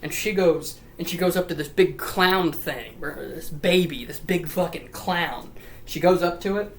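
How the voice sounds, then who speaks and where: A woman's voice: lowish voice, unhurried, a little hiss or hum, poor audio. A woman rambling through a profane, comedic retelling of a story. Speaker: lore storyteller.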